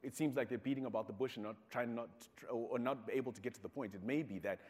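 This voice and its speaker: A man's voice: mid-range voice, fast, a little mellow. A man with a Zimbabwean accent gives a talk, his voice sitting in the middle of the range. He tells stories and acts out the people he quotes. His voice carries a long reverb from the hall. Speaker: speaker. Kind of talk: talk to an audience.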